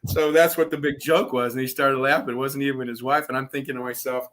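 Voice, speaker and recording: A man tells his story as a guest over a video call, swearing freely and chuckling between lines. His voice is bright and forceful, with a middle pitch for a man. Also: flat delivery, fast. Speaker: guest, author telling his own story. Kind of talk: casual storytelling.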